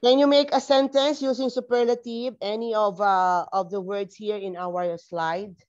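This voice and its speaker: A woman's voice: medium pitch, fairly even intonation, moderate pace, darkish tone, highs cut off. A woman teaching a grammar lesson online, spelling words out letter by letter and checking in with "okay?" after many points. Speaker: English teacher.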